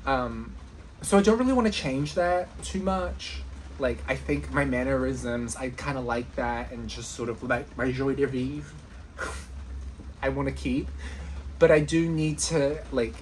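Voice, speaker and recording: A woman vlogger chatting casually, enthusiastic and excitable, giggling often. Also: low-pitched, slight background noise. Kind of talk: casual vlog chat.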